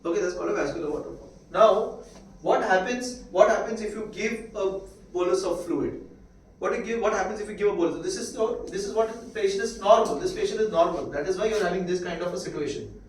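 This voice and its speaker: Speaking to a class with an Indian English accent, a man uses a high voice that carries a somewhat dark tone. He keeps restating main ideas and quickly asks whether everyone follows; the far-off mic picks up room echo and a bit of hiss or hum.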